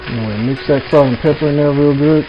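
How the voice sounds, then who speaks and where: A man's voice: on the high side, quick pace. A man hosting a casual home cooking vlog, talking folksy and easy to his viewers. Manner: folksy, keeps addressing viewers as "y'all". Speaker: home cook, channel host. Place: home kitchen. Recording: dull lo-fi audio with music bed. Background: background music and sizzling pan.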